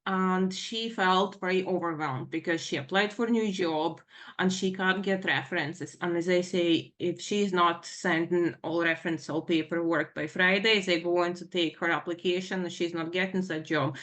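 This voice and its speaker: A middle-aged woman giving a personal account in a Q&A session, talking in a halting, rambling way full of fillers and nervous emotion. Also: fairly low pitch, steady tone, a bit bright. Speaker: participant in a Q&A session.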